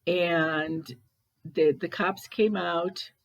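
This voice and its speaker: A woman's voice: lowish voice, fairly even intonation, very slow, highs cut off. A middle-aged woman, a medium from Ohio, telling a story in casual speech and quoting the people involved. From Cleveland, Ohio. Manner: recounts dialogue, quoting others plainly.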